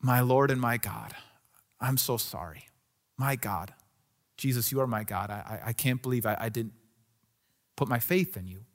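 A man's voice: sits high, moderate pace, sharp tone. A preacher voicing a doubting, anxious male disciple who insists on proof, in a restless, pleading way. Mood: remorseful.

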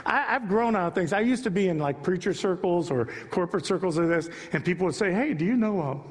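A man's voice: high-pitched, fast, big-room sound. A male pastor giving a sermon in a church, preaching emphatically and chatting with the congregation in asides. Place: church sanctuary.

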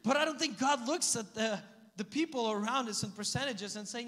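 A man preaching a sermon in a conversational, animated way, with asides and light laughter. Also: high voice, brisk, long reverb tail. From Slavic family background. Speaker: pastor.

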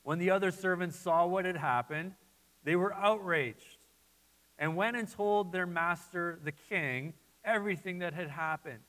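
A man preaching a sermon as pastor, animated and repeating his phrases as he voices listeners' doubts. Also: high-pitched, unhurried, long reverb tail, poor audio.

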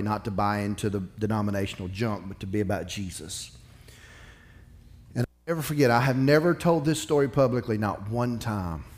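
A male pastor delivers a sermon in an emphatic, confessional way. He swings from loud bursts to hushed, tender passages. His voice sits at an ordinary middle pitch.

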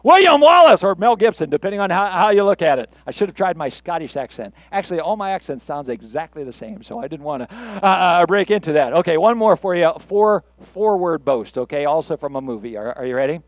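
Guy preaching a sermon, kinda high voice, chatty and joking then pumping it up, dry close sound. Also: sing-song, fairly quick, few pauses, no echo. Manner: conversational, playful, builds to rousing emphasis. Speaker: pastor.

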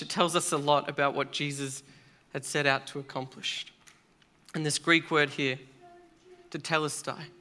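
Male preacher, fairly high, bright, earnest sermon delivery with weighty pauses.

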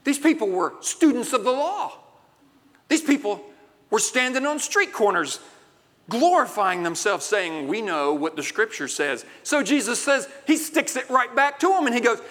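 Male pastor, high lively delivery, loud to hushed, reverb of a big church. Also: unhurried. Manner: animated, swinging from loud to hushed. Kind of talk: preaching a sermon. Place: large church sanctuary. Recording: long hall reverb.

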